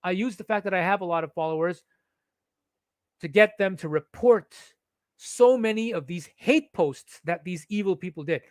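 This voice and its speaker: A man with a high voice talks straight at his audience, pressing each point and asking himself questions before answering them. The sound is close and dry. He often doubles back on a word mid-sentence. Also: moderate pace, no echo. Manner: insistent, repeats and restarts words, asks and answers own questions. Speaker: social media commentator. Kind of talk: emphatic first-person account to camera.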